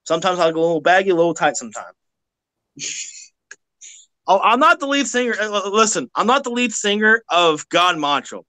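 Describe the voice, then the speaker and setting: A blunt, foul-mouthed man from Kentucky speaks with a Southern accent in a casual live-stream chat. His voice is bright and forceful and sits a little high. The sound is close and dry, with no room around it. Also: very animated, fairly quick, long pauses, no room sound. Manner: blunt, profane, laughs loudly, stammers with repeated words.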